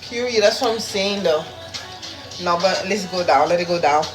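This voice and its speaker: Her voice sits lowish and her pace is moderate as she cooks on a livestream and talks straight to the viewers watching on her phone. The chat is casual, blunt and full of profanity. Loud music fills the echoey room behind her.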